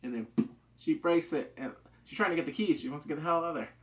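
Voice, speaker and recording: A man casually reviewing a TV episode, excitable, acting out quotes with big jumps in pitch and swearing loosely. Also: fast talker. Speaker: TV show reviewer.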